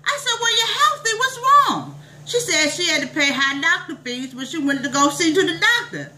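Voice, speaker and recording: Brief: woman as a preachy church lady, lively sing-song pitch, exclamatory and drawn out. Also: full character voice, low-quality recording. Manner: exclamatory, sermonizing, drawn-out drawl. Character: preachy, bossy middle-aged church lady. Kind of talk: comic monologue storytelling.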